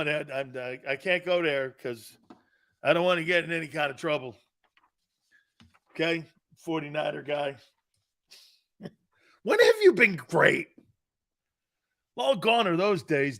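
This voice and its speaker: Sports talk host, male, bright voice, lively delivery that swings high and low, teasing and laughing. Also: vocal fry. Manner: animated, teasing, laughs often, mock apologies. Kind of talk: live sports talk show, reading viewer comments.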